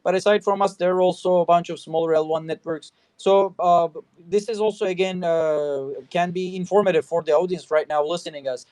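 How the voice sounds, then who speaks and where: A man hosting a relaxed talk show, his voice sitting a little higher than most men's. He rambles easily from thought to thought, padding every sentence with casual fillers. The sound is close and dry, with no room around it. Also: fairly quick, few pauses, clean tone, no echo. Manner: loose and chatty, leaning heavily on "you know" and "I mean". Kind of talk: casual interview chat.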